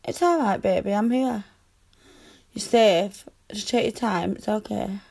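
A young woman in a girlfriend comfort audio role-play, speaking in a soothing, tender, reassuring way with soft hushing. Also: medium pitch, unhurried, gravelly.

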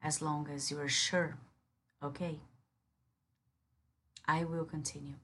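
A woman's voice: low-pitched, little pitch movement, takes it slowly, bright, forceful tone, a little hiss or hum. A woman in an audio role-play who speaks straight to the listener as a firm, commanding yet caring partner.

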